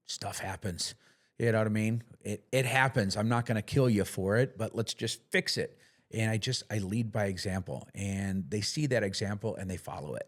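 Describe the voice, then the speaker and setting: A middle-aged man talking casually as a podcast guest, plain-spoken, with lots of fillers and restarts. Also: lowish voice. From United States. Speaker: podcast guest, business owner. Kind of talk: casual interview talk.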